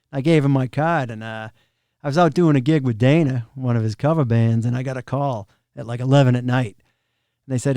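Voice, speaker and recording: A man's voice: medium pitch, a little fast, mellow, no room sound. A middle-aged man, a podcast guest telling easygoing, humorous anecdotes. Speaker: guest, drum tech. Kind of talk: casual interview chat.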